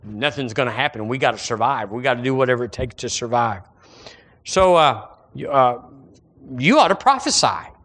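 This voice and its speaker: A man preaching a sermon as pastor, animated and acting out the voices of his listeners. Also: medium pitch, moderate pace.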